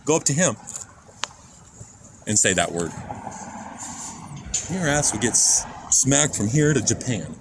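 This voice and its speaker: A man's voice: medium pitch, sing-song, a little slow, vocal fry, pauses often. A man from Kansas live-streaming on a phone as he walks outdoors, rambling and swearing as he talks straight to his chat. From Kansas, USA. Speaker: IRL streamer. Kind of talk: casual live-stream chat while walking. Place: outdoors on city streets. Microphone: handheld phone. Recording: phone stream with loud street noise. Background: traffic and street noise.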